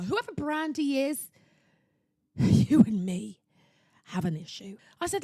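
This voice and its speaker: A woman's voice: sits high, very animated, slow, long pauses, warm tone, dry recording, studio quality. A young woman hosting her own podcast, ranting theatrically and sarcastically about shopping. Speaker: podcast host. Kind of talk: casual solo podcast rant. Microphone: laptop setup at home.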